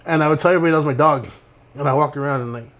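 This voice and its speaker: A man's voice: on the high side, rapid-fire, dull audio. A young man co-hosting a podcast, telling rambling, laid-back stories and laughing as he goes. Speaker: podcast co-host. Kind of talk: casual storytelling chat.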